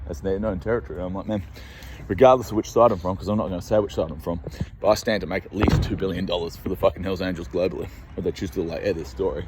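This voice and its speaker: A deep-voiced Australian man talks into his phone while pacing a city street, rambling and agitated with constant swearing. He sounds scared and jittery, with faint traffic behind him. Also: fairly even intonation, quick pace. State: scared and on edge. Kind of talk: rambling monologue to camera.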